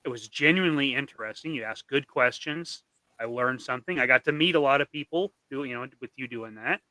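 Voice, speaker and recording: Bright-sounding guy hosting his stream, jokey, swears, dry close mic. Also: mid-range voice, brisk, no room sound. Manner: enthusiastic, profane, jokey. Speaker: live stream host. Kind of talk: casual chat.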